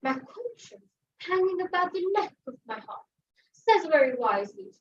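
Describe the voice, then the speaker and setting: A teenage girl reciting a Shakespeare monologue dramatically, shifting between loud and hushed voices. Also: extremely high pitch, sing-song, normal speed. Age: teen. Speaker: student monologue performer. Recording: echoey, dull lo-fi, far from the mic.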